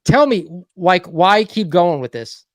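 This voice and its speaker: A man hosting a live online call-in show, mediating calmly between guests with frequent restarts. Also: high voice, no echo, clean studio sound. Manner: mediating, calm, halting restarts. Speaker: host.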